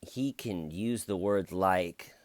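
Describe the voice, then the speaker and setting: A man's voice: low-pitched, slow, dry recording. A man giving casual true crime commentary as a YouTuber, rambling and wry, with jokes.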